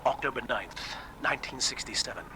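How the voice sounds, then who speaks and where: An actor playing a troubled male scientist recording an audio diary, grave and measured, dropping to a hush at times. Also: mid-range voice, loud music behind the voice, close to an everyday voice, poor audio.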